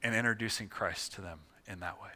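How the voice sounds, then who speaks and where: A male pastor preaching a sermon, telling a story dramatically and swinging from hushed tones to loud ones. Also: lowish voice, a little fast, slight background noise.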